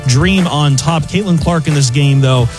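Male sports news anchor, brisk score-reader with casual asides, music bed clearly under him. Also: on the high side. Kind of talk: reading a sports news update.

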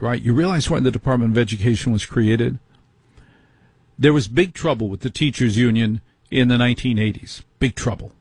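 A man's voice: mid-range voice, husky, dry recording. A middle-aged man hosting a talk radio show, ranting with indignant rhetorical questions.

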